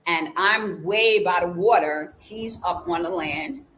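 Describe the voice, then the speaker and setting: A woman vlogger telling a personal story in a casual way, acting out the quoted dialogue with lively changes of voice. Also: fairly low pitch, takes it slowly, a little hiss or hum, rough recording. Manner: animated, acts out the quoted dialogue.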